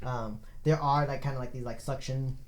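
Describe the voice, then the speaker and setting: A man narrating as game master, halting and full of filler words. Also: mid-range voice, fairly even intonation, a crowd in the background.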